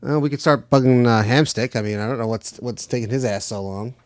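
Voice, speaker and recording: A man who is a regular on a ham radio live stream, chatting in a relaxed, hesitant way with many fillers. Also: mid-range voice, brisk, dry recording, studio quality. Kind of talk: casual chat on a live stream.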